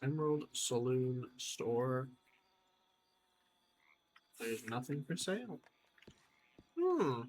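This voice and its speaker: A man chatting his way through a game, wry and self-amused as he pokes around and remarks on what he finds. His voice sits at an ordinary middle pitch. A faint hiss runs under it. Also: very animated, drawn-out words, long pauses, a little mellow. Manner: chatty, wry, talks to himself while exploring. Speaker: gamer. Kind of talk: let's play commentary.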